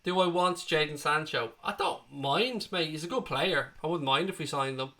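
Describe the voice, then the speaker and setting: Chatty Irish man, bright voice. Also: on the high side, normal speed. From Ireland. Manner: chatty, matey, answers chat questions one by one. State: recovering from being sick. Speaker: football watchalong host. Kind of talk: casual live-stream chat reading viewer comments.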